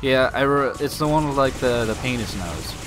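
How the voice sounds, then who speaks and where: A man hosting a let's play, chatting loosely over his gameplay at an ordinary middle pitch. He restarts sentences often and swears casually, with game music playing behind him. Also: lively intonation, normal speed. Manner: loose, profane, frequent restarts.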